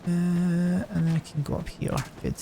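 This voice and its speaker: A man's voice: sits high, level tone, unhurried, gravelly, background noise. A man rambling and swearing casually while streaming a game. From Scotland. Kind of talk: casual gameplay commentary.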